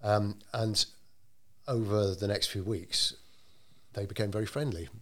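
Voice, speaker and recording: A man telling a story in an interview, measured and unhurried, with frequent ums and restarts. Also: lowish voice, fairly bright tone. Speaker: interviewee telling local history. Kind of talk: conversational storytelling.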